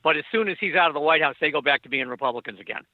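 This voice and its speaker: A man's voice: on the high side, expressive, no room sound. Man on a dull lo-fi line. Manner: halting, repeats words, laughs often. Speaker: author and guest. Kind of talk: casual conversation.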